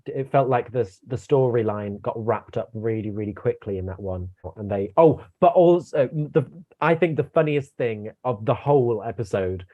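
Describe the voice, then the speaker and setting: A young man gives blunt opinions in an easy review chat, stammering through restarts as he talks. His voice sits at a middle pitch, and the sound is a bit dull and lo-fi. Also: lively intonation, moderate pace. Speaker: co-host guest.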